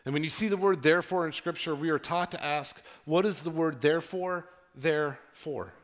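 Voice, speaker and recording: A man preaching a sermon as pastor, earnest and conversational, with dramatic pauses. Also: a little high.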